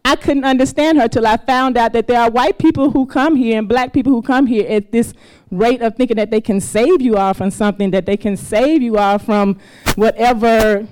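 On stage before a live audience, a Mississippi woman in her fifties from the US South tells a personal story, laughing often and acting out the voices she quotes. Her voice is highish yet darkish, steady, at normal speed, on a rough recording.

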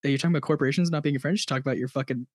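A man chatting casually on a podcast, animated and stammering with many restarts, swearing and laughing often. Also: mid-range voice, racing, no room sound, clean studio sound. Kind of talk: casual chat.

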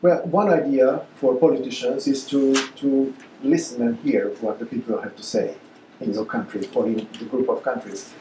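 A man answering audience questions at a lecture, halting with many fillers and restarts. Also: medium pitch, fairly even intonation, mellow, a little hiss or hum. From Hungary. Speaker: guest speaker. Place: lecture hall. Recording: echoey lecture room.

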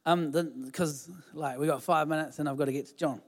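A man's voice: on the high side, steady tone, fairly quick. A man pastor giving a sermon in a chatty, informal way, with many fillers and restarts. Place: church hall. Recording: hall reverb.

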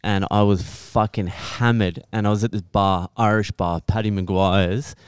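A man's voice: lowish voice, steady tone, normal speed, smooth, dry recording, studio quality. A young man on a podcast telling a story in casual talk, swearing constantly and laughing now and then.

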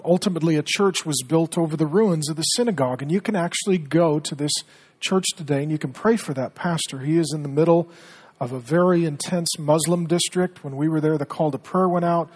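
A middle-aged man preaching a sermon as pastor, earnest, dropping to a hushed tone when telling stories. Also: fairly high pitch, a little fast, slightly rough.

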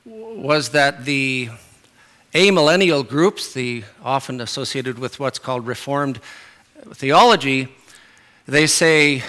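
Bright-voiced man preaching a sermon. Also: medium pitch, slow. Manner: conversational with fillers and restarts.

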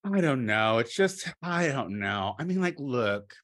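A middle-aged man gives an animated, campy monologue of crude humor at a measured pace. He moves back and forth between shouted lines and low, under-the-breath asides.

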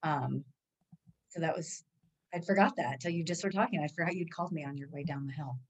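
A woman on a podcast, casually and lively telling how her husband called her during a race. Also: low-pitched, brisk, slightly rough. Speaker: podcast guest, runner's wife.

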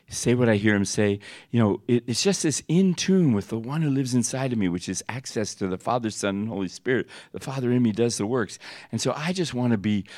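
A man teaching at a ministry school, telling stories and laughing often, jumping up in pitch as he acts out what people said. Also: darkish tone, dry recording, studio quality. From United States. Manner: storytelling, laughs often, acts out dialogue with big jumps in pitch. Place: church teaching hall.

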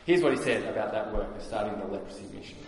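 A man's voice: fairly low pitch, animated, vocal fry, a little hiss or hum. Earnest male preacher in an echoey hall. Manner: earnest, explanatory, frequent "uh" pauses. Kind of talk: sermon.

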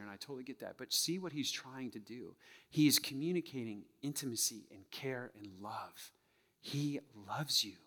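A man's voice: mid-range voice, sharp tone, long reverb tail. A male pastor delivering a sermon in a conversational way, often checking in with the congregation. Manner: conversational, keeps asking the crowd "right?". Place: church sanctuary.

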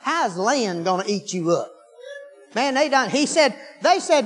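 High-voiced preacher in a hall. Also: male voice, lively intonation, moderate pace, a bit bright, soft background music. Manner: folksy storytelling, rising into fervent exclamations. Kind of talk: sermon. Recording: long hall reverb.

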